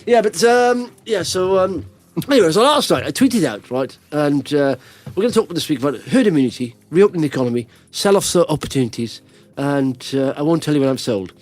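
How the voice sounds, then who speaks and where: A man's voice: a little high, lively intonation, brisk. A man hosting a podcast, telling rambling stories full of restarts and fillers in a casual chat. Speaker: podcast host.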